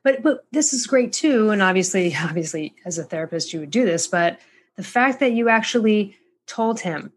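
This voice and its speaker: A woman's voice: medium pitch, lively intonation, moderate pace, slight background noise. A woman hosting a podcast who chats casually, affirming her guest and chiming in eagerly. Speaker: podcast host.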